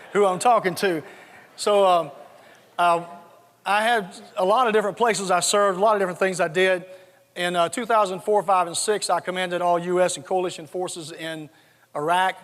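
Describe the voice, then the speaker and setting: A man's voice: high-pitched, steady tone, normal speed, a bit bright. A man in his sixties from South Georgia with a Southern accent, telling folksy, joking stories in a keynote speech. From South Georgia, USA. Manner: folksy, joking, repeats words when starting a thought. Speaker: conference speaker. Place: large conference hall. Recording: reverberant conference hall.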